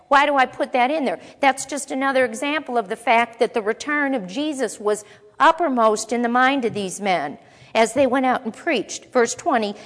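A woman's voice: sits high, normal speed. Woman teaching scripture in an echoing hall. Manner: conversational, reading scripture aloud with frequent asides. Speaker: Bible teacher. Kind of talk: sermon. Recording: long echo of a large hall.

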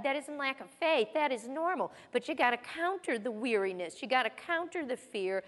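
Woman teaching the Bible in a reverberant hall. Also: sits high. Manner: conversational, folksy, with personal stories. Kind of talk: sermon-style Bible teaching.

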